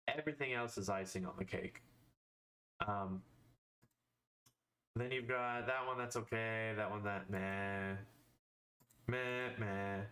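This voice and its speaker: A man hosting a casual live stream, musing out loud over game cards at a mid pitch. He talks in loose, unscripted bits, with plenty of fillers and offhand verdicts.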